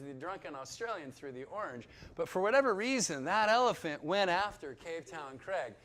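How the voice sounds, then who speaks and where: A man in his fifties giving a personal testimony to a crowd. His voice sits high and swings widely in pitch. He tells the story in an animated, chatty way and keeps checking in with his listeners. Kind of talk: lively storytelling testimony to an audience.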